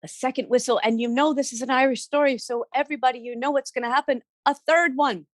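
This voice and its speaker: A woman telling a folk tale, animated, with sound effects and asides to her listeners. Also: sits high, fast, dry recording. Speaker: storyteller. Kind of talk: oral folk storytelling.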